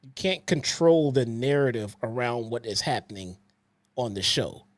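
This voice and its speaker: A man's voice: mid-range voice, lively intonation, normal speed, no echo. A man co-hosting a wrestling podcast, ranting bluntly and swearing as he lectures his critics. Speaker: podcast co-host. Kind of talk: heated podcast rant.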